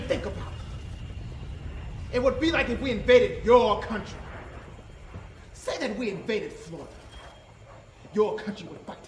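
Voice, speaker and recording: Man doing a defiant prisoner, calm and firm, high lively voice, echoey room. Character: defiant male prisoner of war, educated and calm. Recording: roomy echo, faint background hiss.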